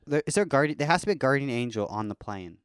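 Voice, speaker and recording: A man's voice: medium pitch, lively intonation, rapid-fire, clean tone, no room sound, studio quality. A man co-hosting a comedy podcast, joking crudely and laughing often with his friends. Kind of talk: improvised comedy banter.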